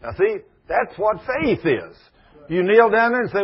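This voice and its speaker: A man preaching a sermon, telling stories in a folksy, emphatic way with big swings in loudness. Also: sing-song, normal speed. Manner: folksy, emphatic, dramatic swings in pitch and volume. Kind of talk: sermon with storytelling. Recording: muffled, husky lo-fi sermon recording.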